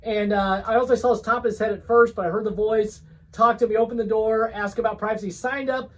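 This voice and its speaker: Co-hosting a casual vlog chat, a man with a high, steady voice tells work stories at a quick pace, rambling with lots of ums, fillers and restarts. The recording quality is low.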